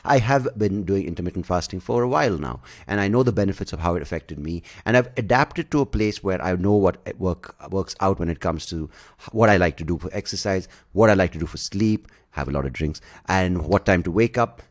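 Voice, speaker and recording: A man's voice: low voice, animated, a little fast. A man hosting a podcast, delivering a rambling, profane, sarcastic rant. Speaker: podcast host. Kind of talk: ranting podcast monologue.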